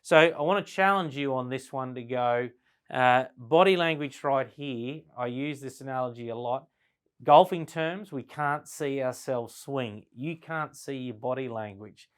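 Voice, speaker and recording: A man leads a business lesson in a relaxed, conversational way. He keeps checking in with his listeners with "right?" and shifts his speed and loudness to show how tone changes meaning. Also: medium pitch, clean tone. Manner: conversational, frequent "right?" tag questions; slows down and varies volume to demonstrate tone. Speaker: business sales trainer. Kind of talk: classroom lecture at a flip chart.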